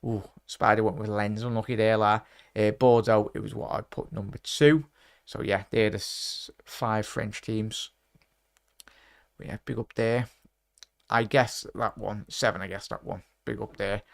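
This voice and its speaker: A man's voice: fairly low pitch, level tone, a little slow, gravelly. Chatty man hosting a quiz. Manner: chatty, rambling, corrects himself often. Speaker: quiz host. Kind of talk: casual live-stream quiz chat.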